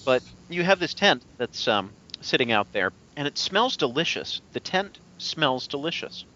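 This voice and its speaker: A man narrating as game master of a tabletop game, describing scenes with many fillers and pauses. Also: on the high side, sing-song, sharp tone. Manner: descriptive, halting with fillers, puts on brief voices for townsfolk. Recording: dull lo-fi podcast audio.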